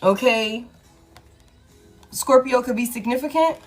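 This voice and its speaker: A woman's voice: a little high, measured pace, faint music behind. A woman doing a casual tarot reading. She talks bluntly, swears freely and repeats her lines. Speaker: tarot reader.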